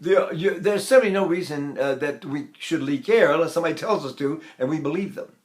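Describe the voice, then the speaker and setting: Older male tenor teacher, conversational lecturer, a touch high-pitched, rambling with fillers. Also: fairly quick. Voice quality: trained tenor voice. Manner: conversational, many fillers, breaks into full operatic singing. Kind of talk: lecture with sung demonstrations.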